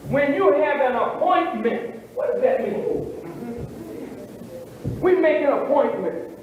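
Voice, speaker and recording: A man minister preaching a sermon, questioning his listeners with drawn-out, emphatic phrasing, heard in a roomy, dull archive recording. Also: very high-pitched, expressive, slight background noise.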